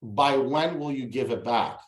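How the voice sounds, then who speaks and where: A man's voice: medium pitch, a little slow, reverberant, lightly acted. A man voicing his stern father, blunt and firm. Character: stern father demanding accountability.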